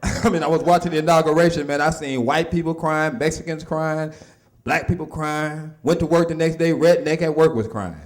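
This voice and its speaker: A man's voice: on the high side, steady tone, fairly quick. Man doing loose stand-up. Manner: loose conversational delivery with frequent asides. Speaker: stand-up comedian. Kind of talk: stand-up routine.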